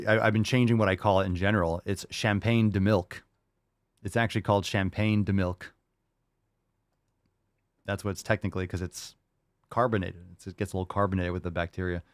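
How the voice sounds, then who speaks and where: A man's voice: low-pitched, no room sound, clean studio sound. A man hosting a podcast, answering listener questions in a loose, rambling chat with jokey asides. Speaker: podcast host.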